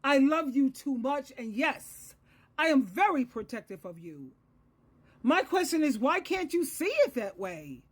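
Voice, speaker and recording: In a high, sing-song voice and at a slightly slow pace, a sixty-something Christian counselor delivers solo advice. She lectures with earnestness, coming back to key phrases for emphasis.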